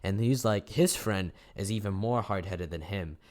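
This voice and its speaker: A teenage guy telling a story in casual, slangy, profane talk, rambling with restarts and yelling out the quotes. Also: normal speed. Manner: acts out quotes in a loud high yell. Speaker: storytime YouTuber. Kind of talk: casual storytelling over gameplay.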